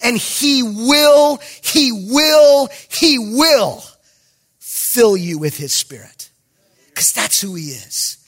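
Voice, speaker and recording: A pastor giving an emphatic sermon, with jokey asides and bursts of raised voice. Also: male voice, very high-pitched, expressive, drawn-out words, a bit bright.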